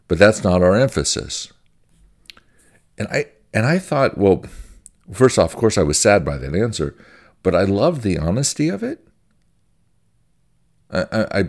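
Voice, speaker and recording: A man's voice: low voice, darkish tone. A man, a pastor, giving an informal church-history teaching in a conversational, folksy way, repeating phrases as he goes.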